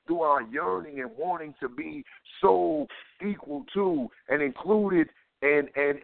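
A man's voice: on the high side, gravelly, no echo. A man giving impassioned talk-radio commentary, with a fervent, preacher-like cadence and lots of repetition. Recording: tinny phone-line sound.

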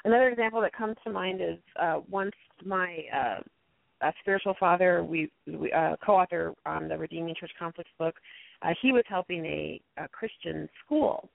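A woman guest speaker telling lively stories about conflict in a casual interview, acting out quotes in a high voice. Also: moderate pace, gravelly, dry recording. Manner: animated storyteller, acts out quotes in a high voice. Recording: dry tinny phone-like line.

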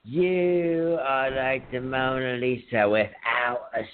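A man voicing a moody, lovesick man who reads out his bad love poems slowly and earnestly. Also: mid-range voice, steady tone, slight background noise, natural voice. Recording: phone-like narrow sound.

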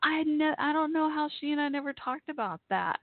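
A talk show host chatting casually on an online radio show, reacting excitedly with gasps and exclamations. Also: high voice, fairly quick, no echo. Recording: dry, phone-like line.

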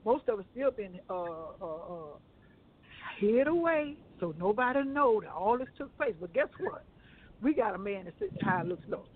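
A man co-hosting a casual talk show, telling stories in an animated way and repeating himself. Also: high-pitched, moderate pace. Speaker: co-host. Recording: tinny phone-like line.

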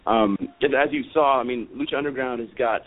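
A man's voice: medium pitch, brisk. Thirties guy rambling on a radio call, lots of ums, middle voice, tinny phone sound. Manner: rambling, many fillers and restarts. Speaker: guest wrestler. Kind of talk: casual radio interview. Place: after party.

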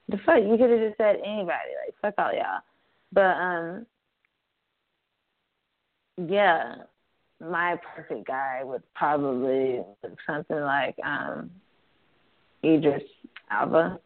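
A woman's voice: on the low side, animated, a little slow. Profane young woman on a tinny line. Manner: profane, blunt, rambling with laughs. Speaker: call-in show host. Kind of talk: casual solo talk show. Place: apartment room.

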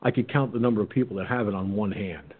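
A man's voice: lowish voice, quick pace, background noise. A man hosting a call-in radio show, telling stories in a blunt, profane way, over a phone-like line. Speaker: talk radio host.

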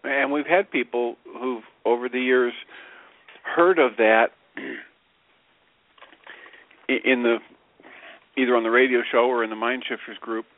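A man's voice: medium pitch, fairly even intonation, measured pace, pauses often, dry recording. A man co-hosting a radio show, explaining his ideas in a reflective, casual way. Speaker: radio co-host. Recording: tinny phone-line radio audio.

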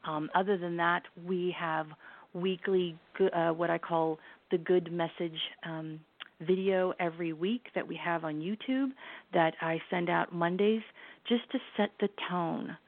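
A middle-aged woman with a low, gravelly voice speaks earnestly and reflectively as a guest, often restarting her sentences. The sound comes through a tinny phone line. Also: fairly even intonation, measured pace. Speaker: guest, lifestyle brand founder. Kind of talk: casual interview chat.

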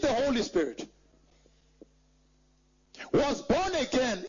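High-voiced man preaching, dull lo-fi recording. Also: lively intonation, unhurried, darkish tone, slightly rough. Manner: emphatic, repeats phrases and asks the congregation for agreement. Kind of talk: sermon.

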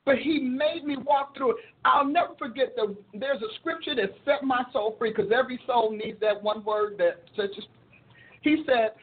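Husky woman preaching over tinny audio. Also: a little high, normal speed. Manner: expressive, acts out prayers and quotes, laughs often. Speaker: preacher and show host. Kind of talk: sermon-style teaching.

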